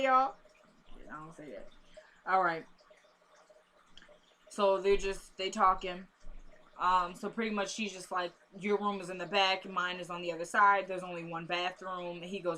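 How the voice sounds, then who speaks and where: A woman's voice: on the low side, bright, forceful tone. A woman casually recapping a TV episode for her viewers, chatty and drifting into asides, calling them "y'all".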